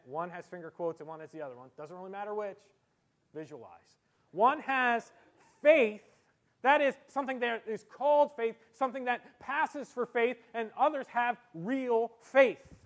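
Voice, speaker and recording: A pastor preaching a sermon, animated, using comic voices and heavy sarcastic emphasis to make his points. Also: high-pitched. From Italian heritage. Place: church.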